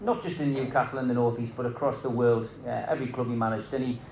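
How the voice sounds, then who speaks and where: A man's voice: mid-range voice, fairly even intonation, fast, darkish tone, slight background noise. A man hosting a live interview, steering the talk with playful, teasing segues. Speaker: podcast host. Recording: echoey room.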